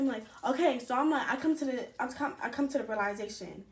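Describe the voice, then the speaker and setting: A young woman telling a rambling, animated storytime with slang and cursing. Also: fairly high pitch, moderate pace. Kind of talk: casual storytime. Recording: echoey room.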